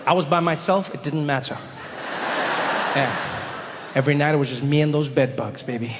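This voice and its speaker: A man's voice: on the high side, normal speed. Man doing stand-up in a hall. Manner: storytelling, animated, with sudden exaggerated voices. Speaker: stand-up comedian. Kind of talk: stand-up comedy set. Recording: long hall reverb, faint noise.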